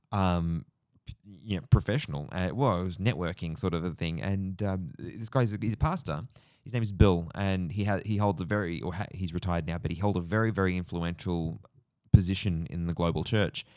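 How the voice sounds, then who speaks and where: An Australian podcast co-host in his forties rambles through a long story, casual and reflective, leaning on lots of fillers. His voice is low with a darkish tone, in a dry, studio-quality recording.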